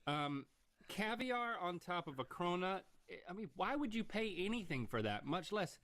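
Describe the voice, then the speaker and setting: A man's voice: high-pitched, very animated, normal speed, noisy background. A man co-hosting a casual comedic chat, joking and teasing with open disbelief. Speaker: co-host.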